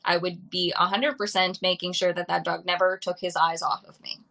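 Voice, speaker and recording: Bright-voiced woman explaining dog training. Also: lowish voice, flat delivery, normal speed, vocal fry, poor audio. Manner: explains by repeating simple examples. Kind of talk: live-streamed talk answering viewer questions.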